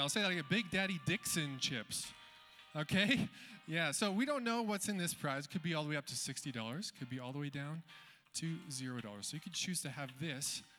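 A man's voice: fairly high pitch, sharp tone. A man hosting a playful mock game show at a live event, upbeat and exclamatory, with music playing behind him. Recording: music playing in a reverberant hall.

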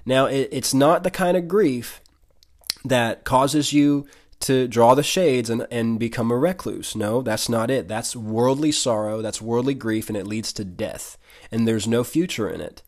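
A male preacher delivers a sermon in an earnest, chatty way. His voice sits at an ordinary middle pitch, and he often restarts phrases as he works through a point. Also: a little slow. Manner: earnest, conversational, with frequent restarts and brief laughs.

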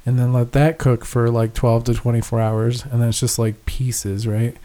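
A young man chats loosely on a podcast, rambling through a story with swearing and frequent laughter. His voice is mellow and relaxed, sitting in a middle pitch. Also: moderate pace. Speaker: podcast co-host. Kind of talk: casual chat.

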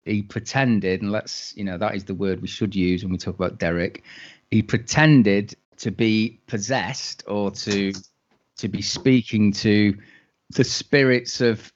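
Low-voiced dry man. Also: a little slow. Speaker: podcast co-host. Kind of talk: casual chat. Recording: dull lo-fi sound.

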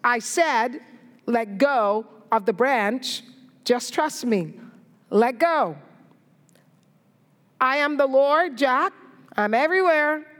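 A woman voicing God as a calm, patient presence, speaking slowly and gently but firmly. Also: high-pitched. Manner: calm, unhurried, gently firm. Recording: echoey hall reverb.

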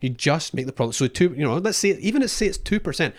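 A man's voice: a little high, sing-song, fast. A man co-hosting a podcast, talking casually with many restarts and fillers. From Australia. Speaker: podcast co-host.

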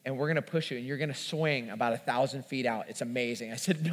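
A man telling a self-mocking, animated story as part of a sermon. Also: medium pitch, normal speed, pauses often. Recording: long hall reverb.

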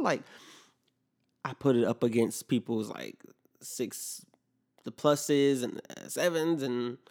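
Gravelly young man ranting casually. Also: medium pitch. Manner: animated, profane, acts out both sides of conversations. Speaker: podcast host. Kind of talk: casual storytelling rant.

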